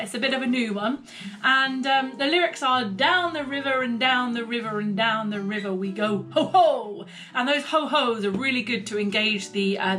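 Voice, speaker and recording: A woman leading a vocal warm-up lesson, gently encouraging and often saying "lovely.". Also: high voice. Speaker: singing teacher. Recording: guitar music behind the voice.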